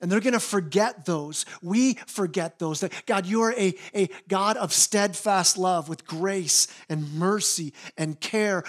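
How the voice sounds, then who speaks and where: Pastor, man, high pitch, earnest sermon delivery with stutter-start phrasing. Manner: earnest, repeats words when starting phrases.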